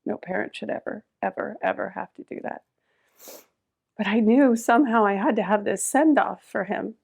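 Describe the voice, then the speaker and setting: A middle-aged woman with a gravelly, fry-tinged voice recounts a personal story as a podcast guest. Her delivery swings between raised, urgent stretches and hushed, quiet ones, and her pitch stays at an ordinary middle level. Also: normal speed.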